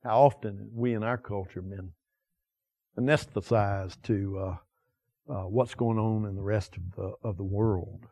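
A man preaching a sermon with passion, asking the listeners many direct questions and swinging from loud emphasis to quiet asides. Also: fairly low pitch, steady tone, unhurried, dry recording. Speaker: pastor.

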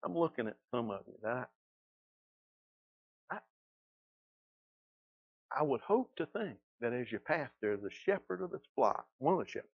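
A man's voice: mid-range voice, sing-song, moderate pace, gravelly, long pauses, slightly rough. A man from South Georgia with a Southern accent, preaching a sermon as pastor and building to emphatic repetition. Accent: Southern American (Georgia). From South Georgia, USA. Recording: dull lo-fi sound.

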